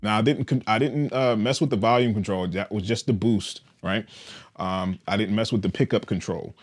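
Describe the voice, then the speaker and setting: A man casually demonstrating and explaining a bass guitar's controls, in a relaxed, explanatory way with frequent "all right" checks. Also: moderate pace. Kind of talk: casual instructional demo.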